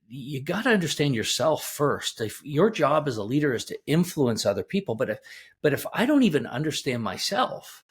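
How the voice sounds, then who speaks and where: A man's voice: mid-range voice, slightly rough. Middle-aged male guest, executive coach, emphatic storyteller with frequent restarts. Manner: emphatic, animated anecdotes with many restarts. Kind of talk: conversational storytelling.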